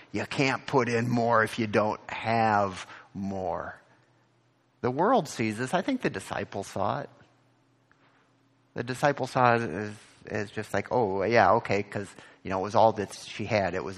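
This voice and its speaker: Male pastor, unhurried sermon delivery, earnest and repetitive, hall reverb. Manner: earnest, repeats words, rises in pitch on questions.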